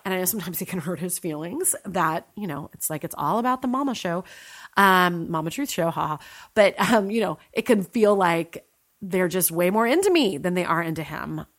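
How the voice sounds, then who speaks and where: A woman in her forties speaks as a life coach, addressing mothers directly in a motivational monologue. Her voice sits a little low for a woman. She is earnest and emphatic, rushing through asides and slowing down to press home the points she cares about. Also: animated. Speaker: life coach and podcast host. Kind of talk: motivational solo talk to listeners.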